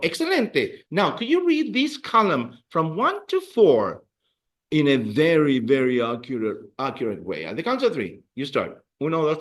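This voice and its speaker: A man with a slightly high, fairly bright voice leads a beginner Spanish class. He drills his students by patiently repeating words and offers them encouragement.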